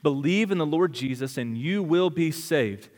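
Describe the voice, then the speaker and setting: A male pastor delivering a dramatic sermon, full of rhetorical questions, swinging between loud urgency and hushed intensity. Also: a little high, animated, moderate pace, big-room sound.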